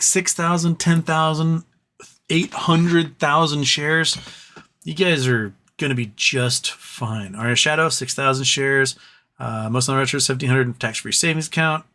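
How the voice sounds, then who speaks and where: A man's voice: a little high, bright, forceful tone. A man hosting a casual live stream, reading viewer comments aloud and answering them, tired and starting to lose his voice. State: tired, voice wearing out. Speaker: livestream host reading chat.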